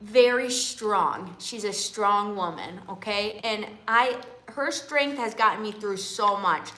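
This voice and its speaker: A woman's voice: medium pitch, slow pace, a bit bright. A woman hosting a livestream, telling a personal story in a chatty way and often checking in with her viewers. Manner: chatty, keeps checking in with viewers ("okay?", "you guys"). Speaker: livestream host. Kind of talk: casual storytelling to a live audience. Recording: roomy echo.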